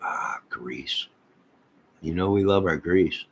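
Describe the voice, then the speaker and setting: Low and slow with a breathy edge, an American man rambles as he hosts a livestream. He reads viewer comments aloud and often trails off in the middle of a thought.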